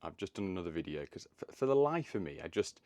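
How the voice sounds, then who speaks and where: A man with a low voice narrates his electrical job in a rambling, chatty way. He thinks aloud while he works outside on a roof and in a loft. It is recorded on a phone camera. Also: sing-song, fast, darkish tone, no room sound. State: out of breath at times. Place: outdoors on a roof and in a loft, rainy.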